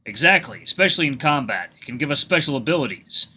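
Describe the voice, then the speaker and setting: Stern alpha wolf, read by a man, calm and commanding, bright voice, matter-of-fact lecturing. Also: medium pitch, fast, breathy edge, exaggerated voice.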